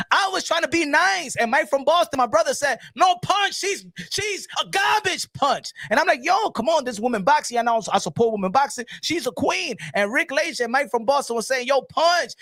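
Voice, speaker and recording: A man hosting a casual boxing live stream, animated and laughing, often repeating himself and switching between languages. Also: very high voice, fairly quick, few pauses, no room sound, clean studio sound.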